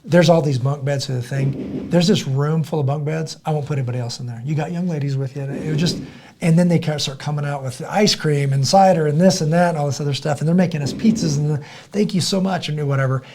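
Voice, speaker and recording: With a noisy background behind him, a middle-aged man talks quickly in a fairly high voice. He's a guest on a podcast, recounting a story with lots of energy, restarting and repeating words often and mimicking other people's voices.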